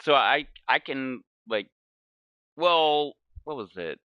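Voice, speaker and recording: A man's voice: mid-range voice, lively intonation, slow, clear, resonant tone, no room sound, dull audio. A man in his forties telling a meandering story while gaming, often correcting himself and laughing. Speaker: gaming channel host.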